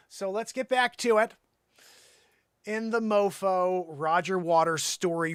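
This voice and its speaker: A man hosting a call-in comedy livestream in a high, bouncy voice. He rambles through jokes and keeps teasing an off-screen helper. The sound is dry and close. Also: lively intonation, unhurried, fairly bright tone, clear, resonant tone, no room sound. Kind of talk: joking livestream banter.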